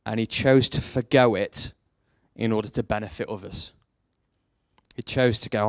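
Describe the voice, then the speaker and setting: A man preaching a sermon, telling a story and leaning on rhetorical questions, his voice jumping up high for emphasis. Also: normal speed, no echo, studio quality. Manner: storytelling, animated, rises sharply for emphasis.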